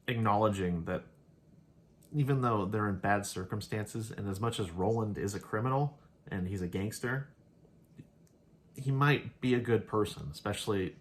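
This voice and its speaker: There's a little hiss or hum behind this lowish male voice. He's a show host going over an episode in a casual, rambling recap, laughing often and quoting the characters in passing.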